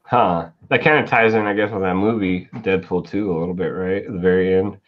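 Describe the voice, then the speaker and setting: A man's voice: low-pitched, steady tone, brisk. Chatty stream host guy greeting the chat, kinda muffled lo-fi sound. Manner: chatty, greets viewers by name, laughs often. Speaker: show host. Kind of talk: casual livestream chat. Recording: dull lo-fi stream audio.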